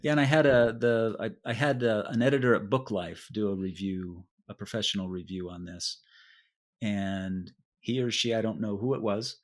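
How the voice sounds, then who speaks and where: Man, author guest, relaxed casual chat, rambling, restarts often. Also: fairly low pitch, normal speed.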